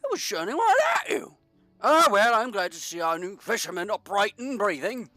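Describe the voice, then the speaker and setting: A short, officious harbor-town mayor with a put-on British accent, as a man voices him while reading game text. The voice sits well above the reader's own, with big swoops in pitch and a theatrical, slightly distant sound. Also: very animated, normal speed, bright, forceful tone, dry recording, faint music behind, full character voice. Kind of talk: reading game dialogue aloud.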